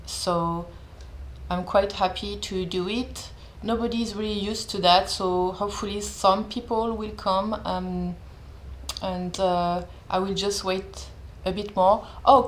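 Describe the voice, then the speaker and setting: A woman with a French accent, hosting a live stream and chatting casually with viewers in a gentle way. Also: medium pitch, a little hiss or hum. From France. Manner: gentle, checking in with viewers, switching languages. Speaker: host of a live meditation stream.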